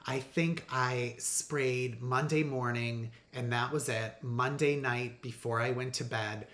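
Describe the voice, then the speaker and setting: A man casually telling his own story to the camera, earnest and animated, with some fillers. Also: mid-range voice, takes it slowly. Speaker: vlogger. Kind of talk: casual personal vlog. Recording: roomy echo.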